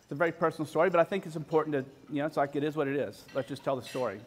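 Man in his forties, raised-register voice, telling an emotional personal story with halting restarts. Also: on the high side, slight background noise.

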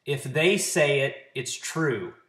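A man's voice: on the high side, animated, takes it slowly, fairly bright tone. A man at home giving a casual, earnest talk to camera, coaching his sales network with practical tips. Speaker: network marketing trainer. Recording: roomy echo.

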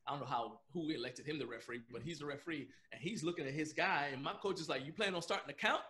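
A man's voice: fairly high pitch, fast talker, a bit bright. A man being interviewed on a podcast, telling a story in a loose, rambling way and laughing often as he goes. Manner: loose, rambling with frequent restarts and fillers. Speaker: podcast guest.

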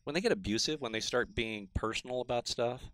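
A man guest on a casual sports chat, a soccer referee, talking in a relaxed, wry way. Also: mid-range voice, brisk, no echo.

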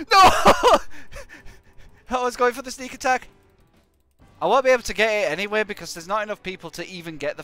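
A man commentates his own game in a lively voice that swoops up and down, often sarcastic and jokey. His voice sounds high and bright. Faint music plays underneath. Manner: jokey, sarcastic, animated, bursts of exclamations. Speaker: live-streaming gamer. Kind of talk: live gameplay commentary.

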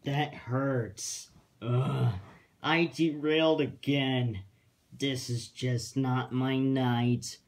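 A man's voice: mid-range voice, fairly even intonation, very slow. A man voicing a cross, scornful male villain engine in a storybook tale, threatening and blunt. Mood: sulky.

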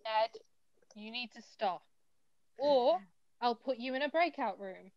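A woman's voice: on the high side, expressive, unhurried, dry recording. A woman playing a blunt, no-nonsense young woman in an online student drama. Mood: firm. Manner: firm, scolding. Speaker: student actor. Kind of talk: online amateur drama over video call. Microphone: video call. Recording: dry lo-fi video call audio.

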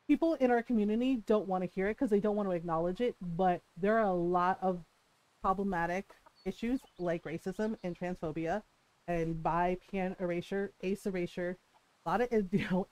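Animated woman ranting on stream, dry sound. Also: on the low side, moderate pace, no echo, low-quality recording. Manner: animated storytelling rant, frequent laughs and swearing. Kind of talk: casual live-stream chat.

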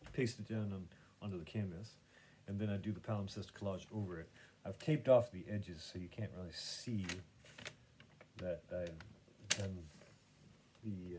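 Hosting his own podcast, a man with a fairly low, slightly mellow voice rambles casually about painting and visiting galleries, full of fillers and restarts. A slight hiss or hum sits under the audio.

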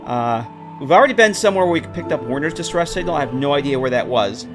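A man's voice: on the high side, lively intonation, quick pace. Chatty guy streaming a game, lots of uh and um, faint music behind. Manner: rambling, filler-heavy, chatty with viewers. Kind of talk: casual live-stream commentary.

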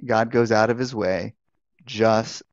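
A man's voice: on the low side, fairly even intonation, takes it slowly, no echo, dull audio. A man teaching as a pastor in a live online Bible talk, speaking conversationally, restarting phrases and asking rhetorical questions. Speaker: pastor and life coach.

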